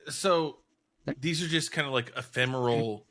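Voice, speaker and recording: Bright-voiced sceptical man. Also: mid-range voice, normal speed, slight background noise. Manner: wry, sceptical and blunt. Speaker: podcast co-host. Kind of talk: casual podcast chat.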